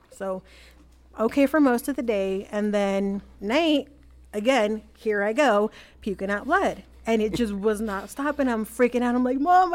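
A young adult woman telling a personal story as a podcast guest, casual and full of fillers like "like" and "you know.". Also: fairly high pitch.

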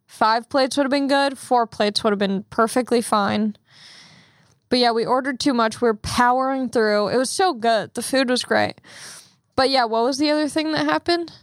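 A woman's voice: a little high, normal speed, no room sound, studio quality. A young woman hosting a podcast, telling stories in a casual, chatty way and swearing freely. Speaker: podcast host. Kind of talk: casual chat.

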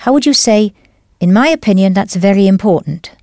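A woman teaching a language lesson in a clear, patient, encouraging scripted voice. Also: medium pitch, expressive, a little fast, a little mellow, dry recording, studio quality.

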